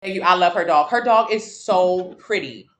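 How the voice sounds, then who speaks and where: Speaking at a moderate pace, this woman has a fairly low, slightly bright voice. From her couch in Miami, Florida, she hosts a relaxed livestream and answers viewer comments bluntly and profanely.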